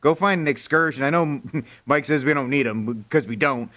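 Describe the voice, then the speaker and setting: A man's voice: on the high side, a little fast, bright, forceful tone. Wry, casual radio news co-host, a man. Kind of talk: talk radio news segment.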